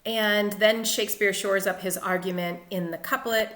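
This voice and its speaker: Woman teacher, bright tone, steady lecture on a poem, recorded in a roomy space. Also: mid-range voice, normal speed, hardly any pauses. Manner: clear, methodical explanation with occasional fillers. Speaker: literature teacher. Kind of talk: lecture-style poetry analysis.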